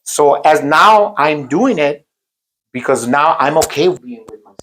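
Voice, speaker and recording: A man's voice: on the high side, lively intonation, moderate pace, a bit bright, low-quality recording. A man in casual motivational chat, blunt and profane, dropping phrases into his talk. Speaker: co-host.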